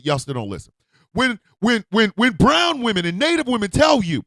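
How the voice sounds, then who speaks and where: An older man hosting a morning radio show, ranting with passion, shouting and repeating himself, then falling quiet and subdued. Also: high voice, big pitch swings, brisk, no room sound. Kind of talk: impassioned on-air rant. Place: radio studio.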